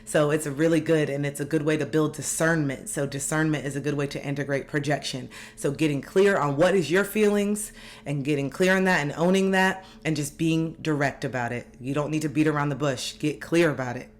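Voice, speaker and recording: A woman's voice: low voice, brisk. A woman life coach giving an earnest, direct motivational self-help talk, repeating key phrases for emphasis.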